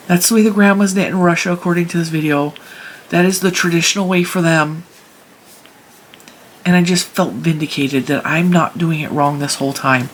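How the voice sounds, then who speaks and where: A woman's voice: on the low side, steady tone, a little fast. A woman hosting her own knitting channel, talking casually and emphatically as she demonstrates stitches at home. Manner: chatty and emphatic, talks through her hands' work.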